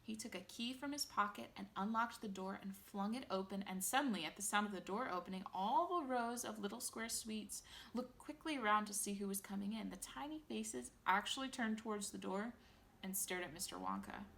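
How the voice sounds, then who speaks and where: Woman storyteller for a bedtime reading, lively and expressive, bright voice. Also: mid-range voice, a little fast, gravelly.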